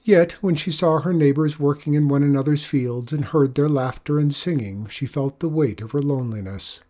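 A storyteller reading a folk tale aloud in a measured, expressive way. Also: mid-range voice. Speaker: narrator. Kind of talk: storybook narration.

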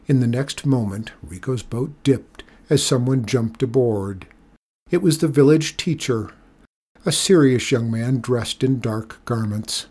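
Husky male storyteller, measured read-aloud, mid-pitched. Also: mellow.

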